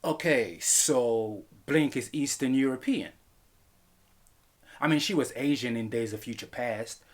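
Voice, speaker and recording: A man reviewing a film in a comedic vlog, animated and profane, laughing often. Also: medium pitch, a little slow.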